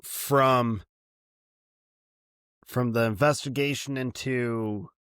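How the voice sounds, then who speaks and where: A chatty male podcast co-host speaks very slowly at medium pitch in a casual conversation, his tone clear and resonant with dry, close sound. He's animated, laughs often, and drifts into long run-on thoughts.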